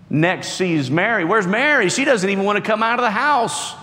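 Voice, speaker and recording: A man preaching a sermon with emphatic delivery, acting out quotes with rising and falling pitch. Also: expressive, normal speed, few pauses, bright, forceful tone. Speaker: pastor. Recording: echoey hall reverb.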